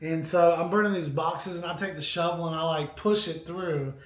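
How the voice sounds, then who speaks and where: A man co-hosting a casual live stream, telling a rambling, animated story with asides to viewers. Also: a little high, moderate pace. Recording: echoey room.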